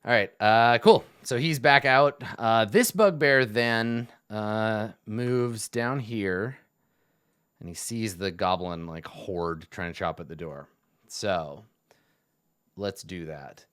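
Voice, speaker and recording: A man narrating as game master in an online tabletop game, relaxed and chuckling, with plenty of uhs and ums. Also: on the low side, slow, smooth, no room sound, studio quality. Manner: relaxed, laughing, many fillers.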